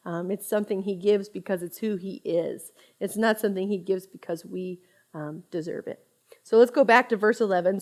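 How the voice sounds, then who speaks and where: Teaching a Bible study in a conversational way, this woman in her thirties speaks at a medium pitch. She's chatty and expressive, and laughter comes often as she teaches.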